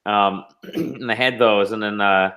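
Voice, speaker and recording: A man co-hosting a podcast in casual chat, relaxed, laughing often and raising his voice when he quotes people. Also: on the low side, unhurried. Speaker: podcast co-host.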